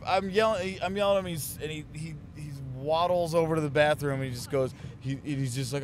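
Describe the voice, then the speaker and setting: A man's voice: fairly high pitch, fairly even intonation, fairly quick, hardly any pauses, a little hiss or hum. A man from a touring band's crew telling a rambling, profane road story in a casual chat inside a moving van. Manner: rambling, profane, self-mocking. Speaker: touring band crew member.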